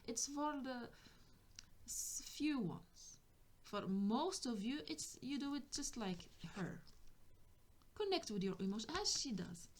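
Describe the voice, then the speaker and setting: A woman's voice: on the high side, lively intonation, slow pace. Hesitant woman giving a tarot reading. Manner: hesitant, restarts often, searches for words. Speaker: tarot reader. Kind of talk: spiritual guidance reading.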